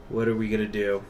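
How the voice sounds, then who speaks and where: A man chatting his way through a game stream in an unhurried drawl, wandering off on tangents and leaning on filler words. A faint hiss of background noise sits under his voice. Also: fairly low pitch, a little mellow. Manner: rambling, digressive, filler-heavy. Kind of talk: casual gameplay livestream commentary.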